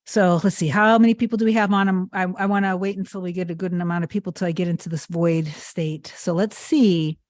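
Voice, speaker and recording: A woman hosting a live question-and-answer stream as a spiritual coach, talking casually with lots of "like" fillers and slowing down to stress points. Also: lowish voice, steady tone, no echo. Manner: warm, chatty, frequent laughs and "like" fillers. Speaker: manifestation coach hosting a livestream.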